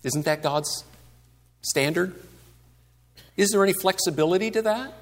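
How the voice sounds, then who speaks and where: A man's voice: sits high, unhurried. A man giving a conversational sermon to a congregation, asking rhetorical questions and acting out the complaints he quotes. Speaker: pastor.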